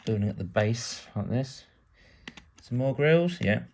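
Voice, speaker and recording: A man's voice: medium pitch, animated, unhurried, gravelly, a little mellow. A British man from the UK giving casual build-along narration as a vlogger, chatty and full of wry asides while he works. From United Kingdom.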